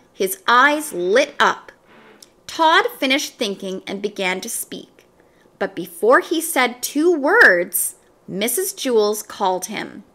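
A woman reading a children's storybook aloud in a gentle, expressive storytelling manner. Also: fairly high pitch. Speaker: story reader.

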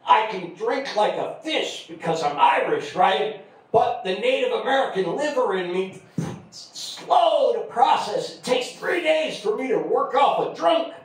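A middle-aged man with a very high voice does a stand-up set at an open mic. He talks loudly and breaks into shouted, crude punchlines. The sound is a roomy club recording, heard from a distance. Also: animated, moderate pace. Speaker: stand-up comic. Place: comedy club stage. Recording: echoey club, far from the mic.

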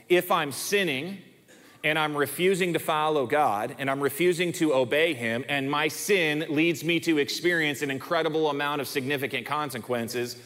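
A male pastor with a fairly high, slightly bright voice preaches a sermon emphatically, often repeating words for stress. The recording in the church sanctuary carries the long reverb of a church hall.

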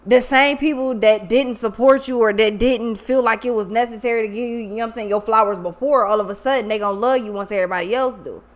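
A woman giving a casual tarot reading monologue, blunt and profane, who talks emphatically and often repeats her words. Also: on the high side. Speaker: tarot reader.

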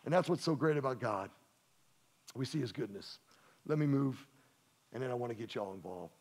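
A man's voice: medium pitch, animated, normal speed, a little mellow. A man from Louisiana, preaching a sermon in a folksy, joking, conversational way to his church. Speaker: pastor. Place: church sanctuary.

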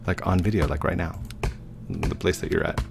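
A man's voice: low voice, steady tone, normal speed, gravelly, music in the background. A man casually chatting to viewers as he builds in a game, easygoing and talking to himself as he goes. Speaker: gaming YouTuber. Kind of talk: casual let's-play commentary.

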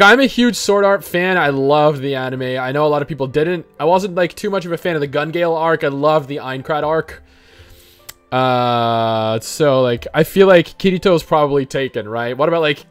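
A man hosting a gameplay video, talking in casual, excitable commentary and swearing freely. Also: fairly high pitch, smooth, no echo. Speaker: gaming video host.

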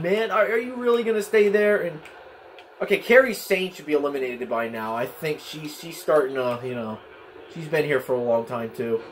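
Brief: young male gamer, high voice, excitable and frustrated play-by-play, faint background hiss. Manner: frustrated, excitable, yells at the game. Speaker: gaming channel host. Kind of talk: live gameplay commentary. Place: home, at a desk in a spinning chair.

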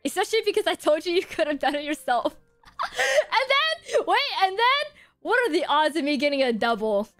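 A high, bouncy young woman on a stream, her pitch leaping about as she gasps and shrieks at her pulls. She speaks unhurriedly into a close, dry mic. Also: moderate pace, no echo, soft background music. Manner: excitable, gasping and shrieking at pulls. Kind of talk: live-stream gacha reactions.

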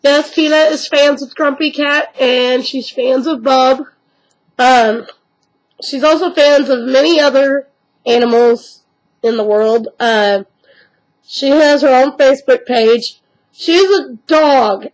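A young woman from the United States chatting casually to her webcam at home about her pet dogs, rambling and now and then slipping into squeaky baby talk. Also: a little slow, rough recording. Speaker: pet owner vlogger. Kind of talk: casual chat to camera.

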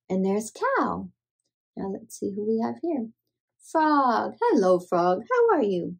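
Brief: woman playing toys with toddlers, slow and sing-song, soft breathy tone. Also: medium pitch, sing-song. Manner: gentle, sing-song, encouraging. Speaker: children's toy play host. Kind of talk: playful narration to toddlers.

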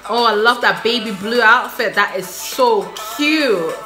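A woman hosting a reaction video, gushing and excitable in casual commentary. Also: on the high side, a little slow, over music. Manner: gushing, excitable, exclaiming and laughing.

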